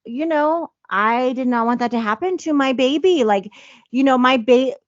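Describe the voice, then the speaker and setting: Speaking with feeling, a podcast co-host in her thirties opens up in a casual, confessional chat full of fillers such as "you know." Her voice sits high at a moderate pace, and the audio is dull with no echo.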